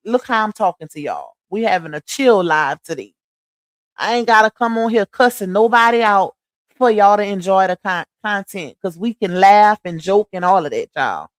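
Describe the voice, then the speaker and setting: A woman's voice: mid-range voice, no echo, clean studio sound. A woman hosting a casual livestream, chatty and preachy, talking straight to her viewers as "y'all.". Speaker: livestream host.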